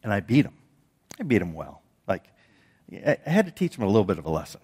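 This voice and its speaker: A man's voice: fairly low pitch, sing-song, fast talker, darkish tone, breathy edge. A man preaching a sermon, telling stories with frequent repeated words and restarts. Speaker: pastor.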